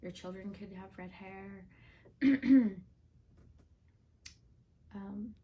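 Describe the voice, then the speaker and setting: A woman's voice: mid-range voice, very slow, far from the mic, highs cut off. A woman giving a casual, heartfelt tarot reading, chatty and full of fillers. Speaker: tarot card reader and channel host.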